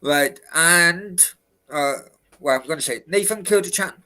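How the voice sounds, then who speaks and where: A man talks football in a loose, sweary rant, angry about his club's dealings. His voice is bright and tense and sits a little high. He is speaking from a hotel room. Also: a little slow, poor audio. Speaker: co-host of football talk show. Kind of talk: casual chat.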